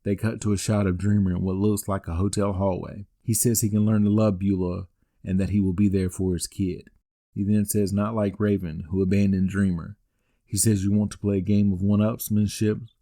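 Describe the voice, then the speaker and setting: A man in his forties hosts a podcast, walking through events in a steady, scripted play-by-play with the odd dry aside. His voice sits on the low side and sounds dark and mellow. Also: moderate pace. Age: 40s. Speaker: wrestling podcast host. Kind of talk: scripted recap narration.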